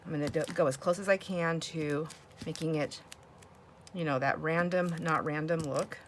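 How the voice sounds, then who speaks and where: A woman's voice: deep voice, fairly even intonation, normal speed, slight background noise. A woman hosting a crafting video, chatting casually and laughing often as she works. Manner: chatty, laughs often, talks to herself while working. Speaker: crafting channel host.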